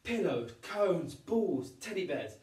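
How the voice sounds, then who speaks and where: A male PE teacher runs an exercise lesson at home for young children, cheerfully encouraging them while demonstrating each move. His voice is on the high side with big swings in pitch, slow and mellow. It sounds distant and echoes around the room.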